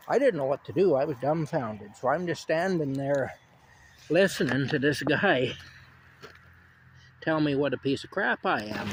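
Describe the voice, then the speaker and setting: A man's voice: a little high, a little hiss or hum. Rambling man telling a work story. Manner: rambling, repeats himself, frequent fillers. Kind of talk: casual spoken anecdote. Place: outdoors while picking strawberries.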